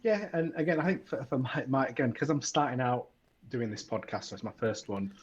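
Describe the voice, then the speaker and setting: A man's voice: medium pitch, brisk, slightly rough, highs cut off. A man with a Yorkshire accent chatting casually on a podcast about starting out making tech videos, often restarting his sentences. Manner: chatty, frequent restarts and repeated words. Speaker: podcaster and tech content creator.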